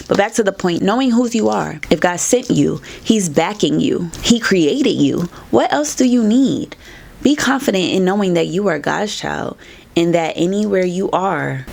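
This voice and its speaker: Young woman podcast host, low-pitched with vocal fry, assertive and preachy self-help delivery. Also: a little mellow. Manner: assertive, preachy, faith-based encouragement. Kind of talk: motivational self-help talk.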